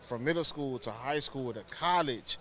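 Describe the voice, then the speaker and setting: A man from Houston, co-hosting a podcast and telling animated stories in casual chat. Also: medium pitch, moderate pace. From Houston, Texas. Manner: animated storytelling, acts out quotes. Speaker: podcast co-host.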